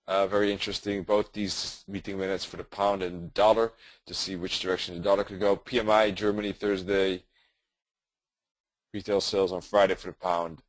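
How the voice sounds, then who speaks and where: Talking through charts during a live trading webinar, this man keeps it casual, using fillers and fixing his own words as he goes. He speaks on the low side, and the low-quality recording has no echo.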